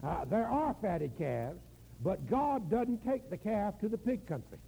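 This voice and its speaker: Gravelly, lively older male preacher. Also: high-pitched, rough recording. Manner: folksy, storytelling with drawn-out slow emphasis. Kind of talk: sermon.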